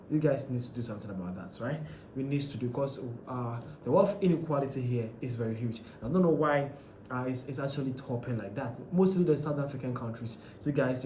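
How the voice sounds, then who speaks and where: Man, fairly high voice, casual commentary host, loose and questioning, roomy echo. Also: a little mellow, slight background noise. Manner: conversational, questioning, with many fillers and restarts. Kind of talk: casual commentary on a ranked list.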